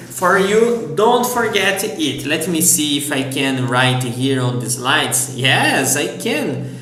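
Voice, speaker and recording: A man's voice: on the high side, fairly bright tone. A man with a Brazilian accent, a native Portuguese speaker, giving an online language lesson and patiently spelling out each verb form. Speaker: Portuguese teacher. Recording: roomy echo.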